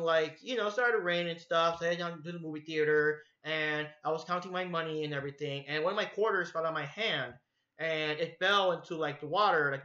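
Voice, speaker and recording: A man's voice: a little high, bright, forceful tone. A man hosting a casual livestream who rambles loosely and swears freely, in an echoey, dull-sounding room. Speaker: livestream host.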